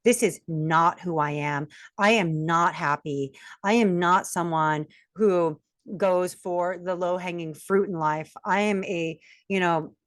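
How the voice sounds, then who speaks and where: A woman's voice: fairly low pitch, takes it slowly, dry recording, clean studio sound. A woman in her forties, a guest coach, telling her life story candidly and acting out the voices she quotes. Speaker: guest, self-mastery coach.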